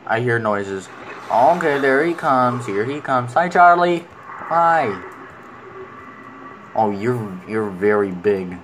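A man's voice: mid-range voice, expressive, takes it slowly, long pauses, background noise. A man giving casual commentary while playing a video game, rambling and talking fondly to the creatures on screen.

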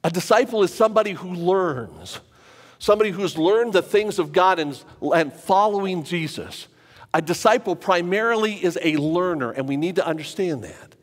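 A pastor preaching a sermon to a live congregation in a church, talking conversationally and repeating phrases for emphasis. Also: male voice, high-pitched, expressive, normal speed. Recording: long church reverb.

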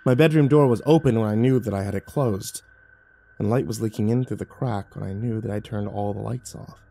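A man's voice: lowish voice, brisk, gravelly, dark tone. A man reading horror stories aloud, building tension and turning urgent in the action scenes. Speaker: horror story narrator. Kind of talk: dramatic horror story narration.

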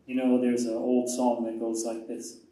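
A male pastor preaching a sermon slowly and earnestly, often dropping to soft murmurs and rising with feeling. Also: medium pitch, monotone. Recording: echoey room, mic at a distance, faint ambient noise.

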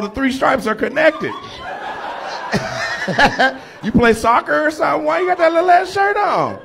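A man doing stand-up crowd work, loudly teasing an audience member in a playful way. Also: high voice, expressive, moderate pace, creaky, long pauses, noisy background. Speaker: stand-up comedian. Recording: live room with faint ambience.

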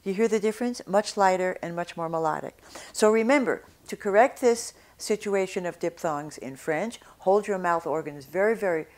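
A woman's voice: mid-range voice, darkish tone. Woman teaching French pronunciation. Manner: clear, instructive, models sounds slowly. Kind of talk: video lesson, explaining and demonstrating.

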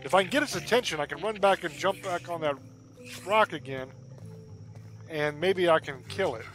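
A man giving casual, chatty gameplay commentary, thinking out loud and getting exasperated, with game music behind him. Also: on the high side, normal speed, rough recording. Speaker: gaming YouTuber.

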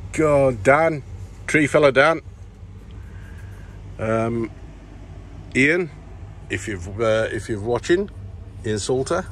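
Middle-aged guy vlogging, slow and rambly, lots of ums, bit of hiss behind. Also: fairly low pitch. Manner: rambling, warm shout-outs with many fillers and restarts. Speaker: plant grower vlogger. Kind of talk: casual vlog chat with viewer shout-outs. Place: indoor grow tent.

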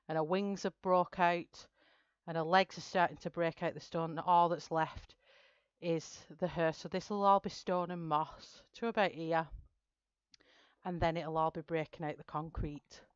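A smooth, clear-voiced woman chats casually through a live stream, greeting viewers and talking through her plan step by step. Her voice sits a little low, and the audio is dry and somewhat dull, like lo-fi stream sound. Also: steady tone, a little slow, dry recording. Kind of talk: casual live-stream chat while colouring.

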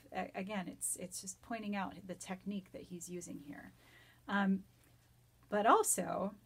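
A woman teaching a Shakespeare sonnet from home, reading verse lines slowly and then explaining them in an enthusiastic, nerdy, chatty way. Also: mid-range voice, slightly rough. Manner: enthusiastic, self-described nerdy. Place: home during quarantine.

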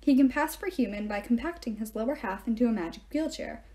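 A woman reading a novel aloud, telling the story in first person in an even way. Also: on the high side, quick pace. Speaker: reader.

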